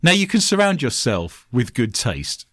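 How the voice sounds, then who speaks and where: A man with an English accent hosting a podcast, chatting in a joking, animated way. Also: mid-range voice, normal speed, dry recording, clean studio sound. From England. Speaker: podcast host. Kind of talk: casual podcast chat.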